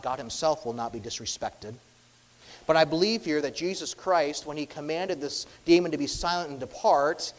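A man's voice: mid-range voice, in a large hall, poor audio. A man preaching a sermon as pastor, acting out the quoted lines of demons with dramatic rises in his voice.

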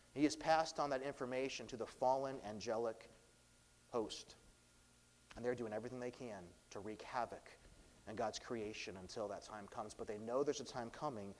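A pastor delivering a sermon, preaching with swelling, dramatic emphasis. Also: male voice, mid-range voice, darkish tone, long reverb tail.

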